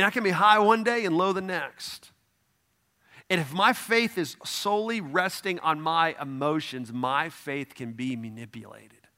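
A man with a slightly high voice and a sharp tone preaches a sermon as a pastor. He's conversational yet emphatic, asking his congregation questions and repeating "no, no, no."

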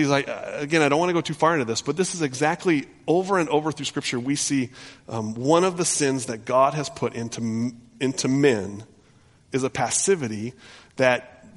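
A male pastor retelling a scripture story in an animated sermon, often restarting his sentences. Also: medium pitch. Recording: long hall reverb.

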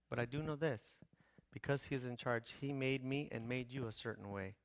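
Guy preaching a sermon, gets quiet then loud, repeats himself for effect, dry close sound. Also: mid-range voice, moderate pace, no echo. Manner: impassioned, swinging from hushed to loud; repetitive preaching cadence. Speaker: pastor.

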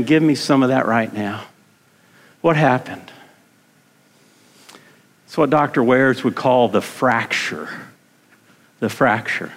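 A middle-aged man preaching a sermon in a conversational way, repeating words and asking his congregation questions. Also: a little high. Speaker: pastor. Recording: long hall reverb.

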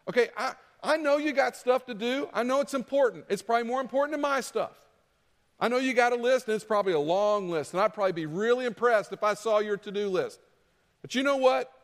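A man's voice: extremely high pitch, big-room sound. A man preaching a sermon as pastor, talking conversationally to the congregation and acting out their objections in their voices.

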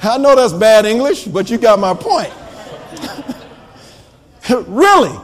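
High-voiced, fervent shouting preacher man. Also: sing-song, slow pace, a faint crowd. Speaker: minister. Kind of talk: sermon.

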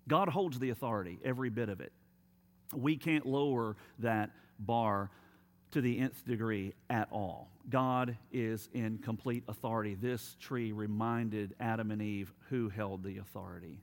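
A man's voice: on the low side, a little slow. Preaching man in a reverberant hall. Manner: impassioned, rising to loud mocking emphasis. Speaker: pastor. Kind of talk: sermon.

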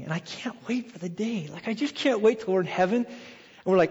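A pastor preaches with a high, lively voice, slipping into the voices of the people in his stories. The sound is dull, and a long hall echo follows him. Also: brisk. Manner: animated storytelling, acts out quoted voices. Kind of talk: sermon.

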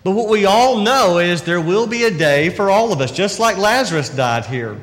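Recorded in a reverberant hall, a pastor with a high-pitched, expressive, somewhat bright voice preaches at normal speed. His style is conversational and emphatic, full of rhetorical questions.

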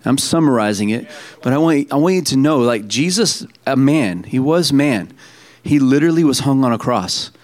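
Middle-aged male pastor, casual preaching voice, mid pitch, loose and talky with restarts. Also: animated, moderate pace, darkish tone. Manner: conversational preaching with frequent restarts and asides. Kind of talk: sermon.

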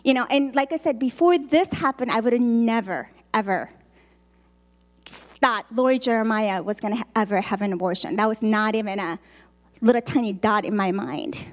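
A middle-aged woman sharing a personal testimony in a candid, earnest, conversational way, often pausing on fillers. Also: on the high side, in a large hall.

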